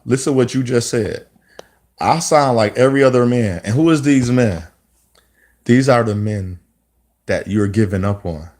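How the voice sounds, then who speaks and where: A man's voice: on the low side, a little mellow. Preachy man talking with emphatic repetition. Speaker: speaker giving commentary. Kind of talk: impassioned monologue.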